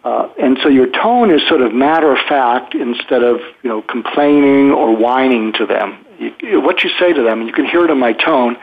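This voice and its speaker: Husky-voiced man on a phone line. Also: mid-range voice, animated, a little fast. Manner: thoughtful, frequent restarts, acts out example phrases. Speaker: podcast host, psychiatrist. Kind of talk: conversational advice talk.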